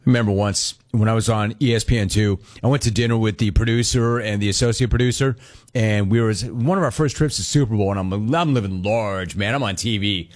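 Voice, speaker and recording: A man hosting a sports talk radio show, telling stories in quick, animated bursts and acting out quotes. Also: on the low side. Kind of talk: casual talk radio monologue.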